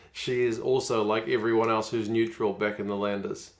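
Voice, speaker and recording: A man, chatting casually on a live stream while watching rugby and reading out viewer comments. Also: on the low side.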